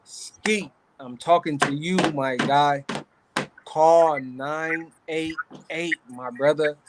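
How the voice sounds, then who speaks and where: Relaxed co-host man, noisy line. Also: on the high side. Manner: quick agreeing interjections, relaxed slang. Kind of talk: casual live-stream chat.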